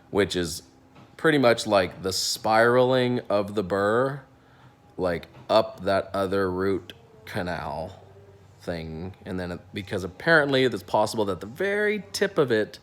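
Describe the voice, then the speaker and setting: A man's voice: sits low, unhurried. A young man, a dentist, casually telling a funny story from work, acting out what people said with lots of restarts and fillers. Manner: animated, acts out quotes, many restarts and fillers.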